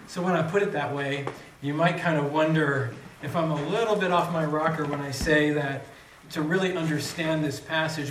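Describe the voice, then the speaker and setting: A preacher with a fairly high voice reads scripture with dramatic swells and then explains it to his congregation. He sits back from the mic, so the reverberant room carries his voice. A faint hum of room ambience lies underneath. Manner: dramatic reading, rising loud on quoted cries. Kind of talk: scripture reading and sermon. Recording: echoey room, mic from a distance.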